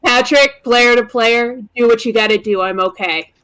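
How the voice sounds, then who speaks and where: A woman player in a tabletop role-playing game, blunt and quick to swear. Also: on the high side, fairly bright tone, smooth. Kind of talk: casual tabletop game play.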